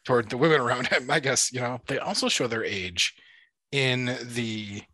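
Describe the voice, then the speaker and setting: A man with a bright, forceful voice rambles through a casual chat, filling gaps with "like" and starting sentences over. The sound is dry and close. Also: medium pitch, moderate pace, dry recording. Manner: rambling, full of "like" and restarts. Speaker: podcast co-host.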